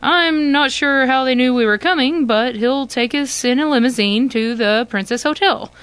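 Brief: a woman doing a jaunty middle-aged uncle, keen on adventure, voice lifting high and loud. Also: moderate pace, clear, resonant tone, dry recording. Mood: excited. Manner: eager, upbeat, raises voice with excitement.

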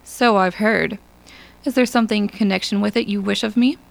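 A woman's voice: medium pitch, fairly even intonation, brisk, vocal fry. Woman voicing a stern cold robot psychologist. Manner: cold, clipped and patient.

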